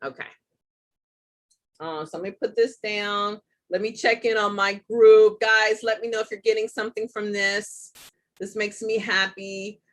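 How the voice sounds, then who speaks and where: A chatty woman runs a live online tutorial at an easy middle pitch. She talks her way through every step and jokes about her own slips as she goes. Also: a bit bright. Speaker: host.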